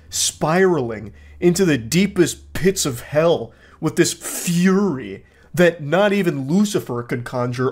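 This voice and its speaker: A man hosting comedic commentary on online videos. His delivery is dry and sarcastic, and he often slips into mock sincerity. His voice sits at an ordinary, middle pitch. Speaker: host.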